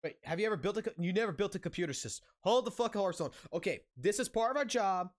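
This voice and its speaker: A man's voice: sits high, lively intonation, fast. A man streaming a casual rant, angry and heavily profane, blunt, repeating himself for emphasis.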